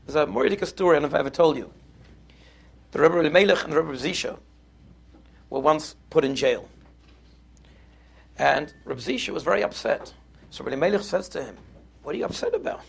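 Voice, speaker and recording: Husky, slightly high male rabbi, animated sermon storyteller. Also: a little fast, long pauses. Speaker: rabbi giving a Torah talk.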